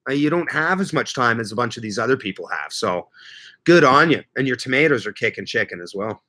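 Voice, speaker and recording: A man chats loosely with his viewers on a livestream, his voice bright and forward. He rambles from topic to topic and jokes along the way. His pitch sits in an ordinary middle range. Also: lively intonation, fairly quick. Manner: rambling, joking, reads viewer comments aloud. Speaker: livestream host. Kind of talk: casual live chat with viewers.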